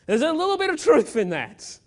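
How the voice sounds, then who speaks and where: A man's voice: extremely high pitch, huge pitch swings, a little fast. A man giving a motivational keynote speech on stage, telling stories with energy and emphasis. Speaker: keynote speaker. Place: stage at a live event.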